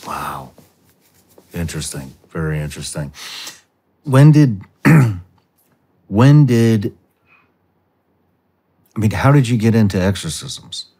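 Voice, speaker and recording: A man with a very deep, dark, husky voice hosts a podcast interview. He mostly reacts in short bursts and now and then asks a probing question. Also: expressive, takes it slowly, long pauses. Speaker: podcast host.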